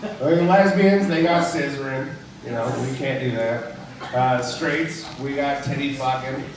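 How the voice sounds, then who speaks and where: Heard from far off in a very echoey, noisy club, a man with a medium-pitched voice talks a little slowly through a crude, rambling comedy set. He keeps laughing at his own jokes.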